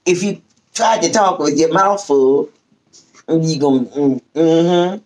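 A woman's voice: low-pitched, low-quality recording. An older woman, telling a family story in casual talk and acting out her relatives' lines. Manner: lively, drawn-out, acts out quoted relatives. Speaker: storyteller guest.

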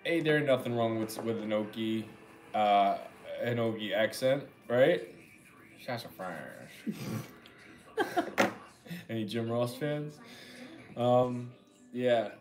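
A man's voice: medium pitch, takes it slowly, long pauses, a little mellow. A young man with a New York accent chatting casually on a livestream, rambling and joking as he reads viewer comments. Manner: rambling, joking, repeats words. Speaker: livestream eating host.

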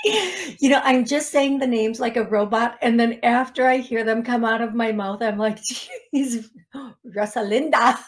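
A woman hosting a psychic medium radio show, chatty and self-deprecating, often laughing at herself. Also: fairly high pitch. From United States. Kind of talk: casual radio show talk.

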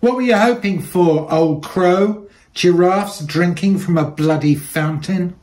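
A man voicing a drunk young man mockingly shouting from a bus stop. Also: high voice, takes it slowly, roomy sound, pitched above the performer's own voice. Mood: jeering.

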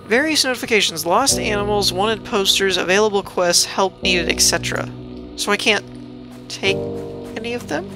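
A let's-play host giving casual, chatty gameplay commentary, reading game text aloud with quick exclamations. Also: mid-range voice, creaky. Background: game music.

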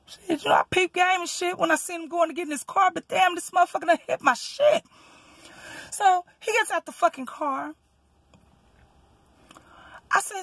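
Ranting with plenty of profanity, a Southern-accented woman who drives rideshare in Texas relates a story and loudly voices the people in it. She sounds very high-pitched, speaks at a moderate pace, and leaves long pauses.

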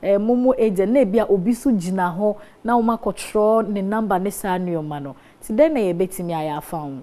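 Mellow-voiced Ghanaian woman hosting. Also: mid-range voice, brisk. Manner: brief affirming backchannels, poses questions. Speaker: TV host. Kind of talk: studio interview.

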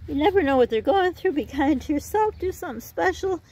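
A woman's voice: high voice, lively intonation, a little fast, darkish tone. A middle-aged woman chatting in a rambling way while gardening outdoors for her vlog, out of breath. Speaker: vlogger.

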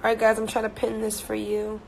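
A woman's voice: fairly high pitch, completely flat delivery, fairly quick, creaky, a little mellow, slight background noise. Chatty woman livestreaming on a phone. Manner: chatty, laughs often, reads out comments. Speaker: social media personality. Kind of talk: casual livestream chat with viewers.

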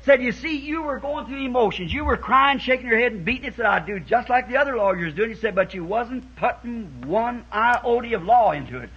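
A man preaching a sermon to a church congregation in a folksy storytelling way, acting out quoted voices and building up to shouts, on a dull 1960s tape. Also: very high voice, animated, fairly quick, few pauses, slightly rough.

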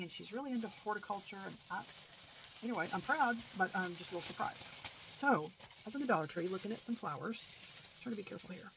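A woman's voice: medium pitch, background noise. A middle-aged woman, rambling folksily through a casual haul video. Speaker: crafting vlogger.

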